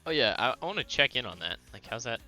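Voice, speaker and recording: A man playing in a tabletop game over a voice call, asking quiet curious questions. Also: mid-range voice, very animated, fast talker, creaky, soft background music. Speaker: player. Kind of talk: casual tabletop role-play chat.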